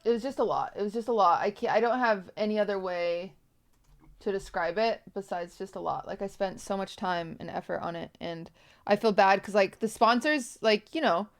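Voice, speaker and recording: A woman's voice: medium pitch, normal speed. A young woman streamer talking to her viewers on a livestream, tearful, rambling and apologetic. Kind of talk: emotional livestream talk.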